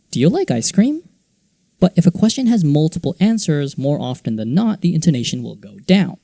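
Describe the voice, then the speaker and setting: A man's voice: medium pitch, dark tone, no room sound. A man who teaches English, explaining teaching methods in an earnest instructional video, now and then acting out exaggerated example lines. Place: teaches in Japan.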